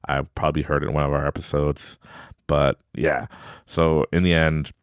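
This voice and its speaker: A Canadian podcast host in his thirties tells a family story casually and with lots of animation, giggling as he imitates his son in a high voice. He speaks at a moderate pace with a clean tone, and the studio-quality recording has no room sound.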